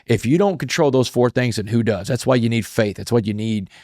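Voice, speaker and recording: A man's voice: medium pitch, brisk, a little mellow, no room sound, studio quality. A middle-aged man telling a personal story as an interview guest, earnest and emotional, often repeating his words.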